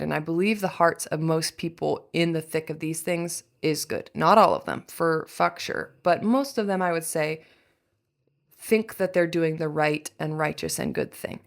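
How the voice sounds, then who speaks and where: A young adult woman hosting a podcast, speaking candidly in a deep voice that frays into fry, blunt and swearing freely with wry asides. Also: steady tone, moderate pace. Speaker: podcast host. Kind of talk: candid personal monologue.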